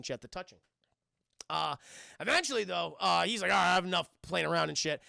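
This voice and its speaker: A man's voice: sits high, gravelly, bright, forceful tone, no echo, clean studio sound. A young man streaming a casual, profane, rambling film recap, talking constantly to his live chat.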